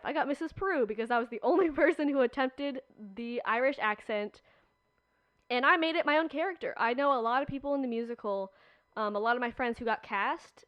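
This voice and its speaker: Chatty young woman, smooth voice. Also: on the high side, no room sound, dull audio. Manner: chatty, animated storytelling with frequent "like". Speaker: podcast guest. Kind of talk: casual chat.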